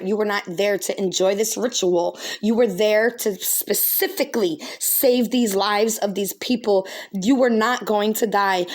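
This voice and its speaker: A woman acting as a spiritual reader, speaking earnestly and reassuringly, often checking in with "okay?". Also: medium pitch. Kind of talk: delivering a spirit message to someone.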